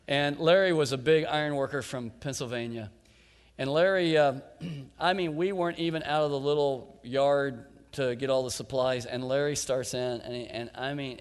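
A man delivering a sermon from the pulpit, reading scripture with rising force and then slipping into relaxed folksy storytelling. His voice sits at an ordinary middle pitch. The sound rings with the long reverb of a big hall. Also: clean tone. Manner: folksy storytelling, drops to a soft low voice for quotes. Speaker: pastor.

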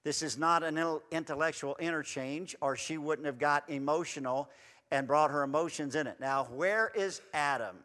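Bright-voiced folksy male preacher. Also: a little high, normal speed. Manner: animated, builds to loud emphatic runs. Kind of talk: folksy sermon. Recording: long reverb in a hall.

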